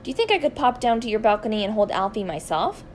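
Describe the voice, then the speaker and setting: Woman voicing a gentle, coaxing old gentleman. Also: medium pitch, sing-song, fast talker, slight background noise, natural voice, poor audio.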